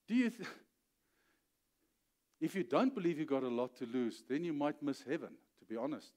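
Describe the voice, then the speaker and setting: Animated high-voiced pastor preaching. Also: male voice, moderate pace, pauses often. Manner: animated storytelling, acts out voices, rising to emphatic peaks; checks in with "okay?" often. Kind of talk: sermon.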